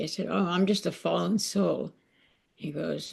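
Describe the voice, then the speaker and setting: A woman's voice: fairly low pitch, steady tone, moderate pace, gravelly, darkish tone, breathy edge. A woman on a podcast sharing a personal devotional story, talking emotionally and rambling with many fillers. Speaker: podcast guest. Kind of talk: casual heartfelt sharing.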